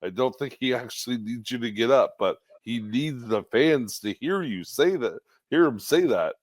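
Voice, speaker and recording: A man's voice: mid-range voice, animated, moderate pace, no echo. A man co-hosting a wrestling podcast, laid-back and laughing often, calling people "bud". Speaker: podcast co-host. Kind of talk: casual podcast chat.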